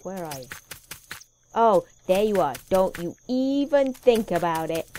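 A woman's voice: mid-range voice, lively intonation, measured pace, mellow, a little hiss or hum. A young woman commentating a horror game as she plays, sweary, sarcastic and jumpy. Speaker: let's play gamer.

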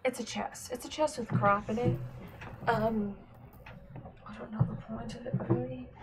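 A woman's voice: on the high side, steady tone, normal speed, noisy background. A woman streamer casually talking to herself while playing, muttering, trailing off and often half-whispering. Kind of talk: casual gameplay commentary.

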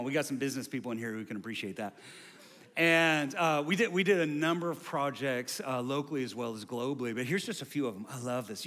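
A man preaching a sermon as pastor, building to loud, repetitive refrains. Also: mid-range voice, in a large hall.

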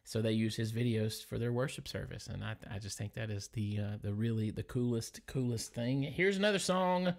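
A man's voice: on the low side, normal speed, vocal fry, few pauses, a little mellow. A man from Louisiana with a Southern accent, chatting casually on a livestream and reading viewer comments aloud. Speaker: livestream gospel singer.

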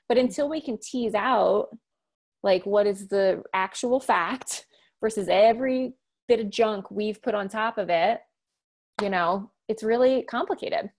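Fast, assertive woman coach. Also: medium pitch. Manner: loud, fast-talking, assertive and direct. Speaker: guest, communication coach and author. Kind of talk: conversational podcast interview.

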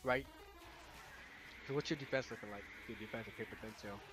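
A young man commentating his own video game playthrough with loud, exasperated outbursts and slangy talk. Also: on the low side, a little fast, music in the background. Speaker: let's play host. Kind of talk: gaming commentary.

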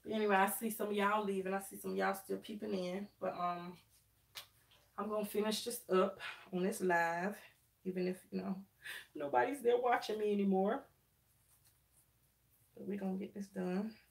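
A woman in her thirties hosts a live chat as she does her hair, her medium-pitched voice steady and gravelly at a moderate pace, with long pauses. She's chatty, addresses viewers as "y'all," and uses dialect grammar, recorded on a distant mic in an echoey room.

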